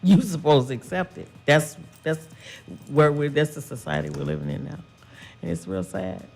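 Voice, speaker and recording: A woman's voice: low voice, animated, normal speed, gravelly, a little mellow, faint music behind. A woman co-hosting a casual chat show, earnest and a bit preachy. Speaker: co-host.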